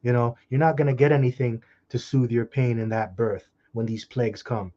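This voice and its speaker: A man preaching from scripture, reading verses slowly and then breaking into crude, mocking commentary. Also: mid-range voice, fairly even intonation, mellow. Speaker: street preacher. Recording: dull lo-fi sound.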